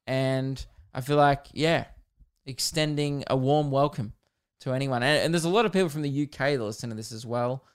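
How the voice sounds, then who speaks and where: A man's voice: medium pitch, moderate pace, smooth. An Australian man hosting his own podcast in casual solo chat, rambling and joking with lots of fillers. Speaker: podcast host.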